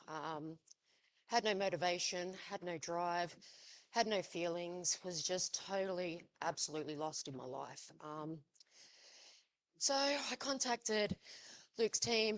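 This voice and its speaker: A woman, a guest speaker sharing a personal testimony at a live event, halting with many ums and pauses and a little out of breath. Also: lowish voice. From Australia.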